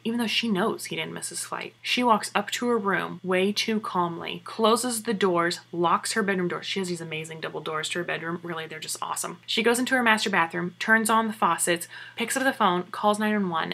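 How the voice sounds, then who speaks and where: A woman giving a chatty, excited recap of a TV episode and asking her viewers questions. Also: on the low side, vocal fry.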